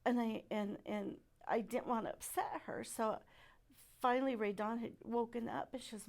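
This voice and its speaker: Gravelly, halting middle-aged woman. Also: on the high side, fairly even intonation. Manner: halting and soft-spoken, many pauses and fillers. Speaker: church member giving testimony. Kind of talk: personal testimony.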